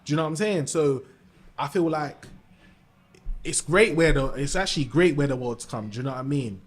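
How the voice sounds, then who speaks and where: A man's voice: fairly high pitch, brisk. A man, a rapper guest on a casual podcast, who keeps agreeing with "yeah, yeah, yeah". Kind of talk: casual chat.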